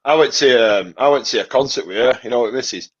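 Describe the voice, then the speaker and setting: Man, husky voice, sweary laughing football stories, dull remote audio. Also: medium pitch, fast. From near Manchester. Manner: sweary, laughs at his own stories, calls people mate. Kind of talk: casual late-night football chat.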